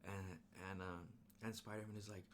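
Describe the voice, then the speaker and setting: A man recapping a movie in a casual, excited way, full of slang and scene-by-scene sound effects. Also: low-pitched, normal speed, slight background noise. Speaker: movie reviewer.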